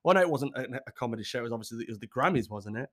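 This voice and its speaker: A British man hosting his channel, chatting casually to his viewers in a jokey, sarcastic and sweary way, with loud outbursts and muttered asides. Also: mid-range voice, expressive, rapid-fire. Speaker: channel host.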